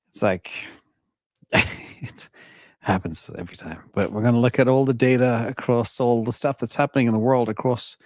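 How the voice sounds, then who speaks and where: A man talks through the markets in a casual, emphatic way, his voice starting to wear thin. He sits close to the mic in a dry, dead room. His pitch sits in an ordinary middle range. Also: dry recording. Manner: lively, emphatic, chuckles between points. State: losing his voice. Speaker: host of an investing show.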